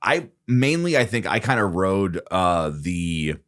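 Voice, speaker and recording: Deep-voiced man, rambling podcast chat. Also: very animated, slow pace, a bit bright, no room sound, studio quality. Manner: rambling, many fillers and restarts, earnest. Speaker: podcast co-host. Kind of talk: casual chat.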